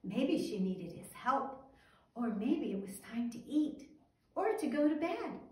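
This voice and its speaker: Children's teacher: woman, high and unhurried, gentle sing-song storyteller, recorded from across a roomy space. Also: sing-song. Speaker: children's Sabbath school teacher. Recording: roomy echo, mic at a distance, faint music.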